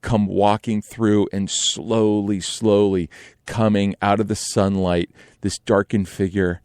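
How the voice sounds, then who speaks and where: A young adult man telling a casual story in an animated way, acting out other people's lines. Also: on the low side, takes it slowly, smooth, dry recording, studio quality.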